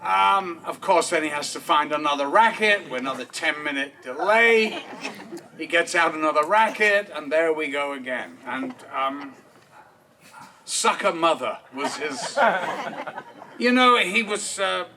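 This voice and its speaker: A man's voice: on the high side, bright, forceful tone. A man giving a eulogy at an outdoor park memorial, telling comic anecdotes and chuckling often as he talks. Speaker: speaker at a memorial service. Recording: distant mic with clear background noise.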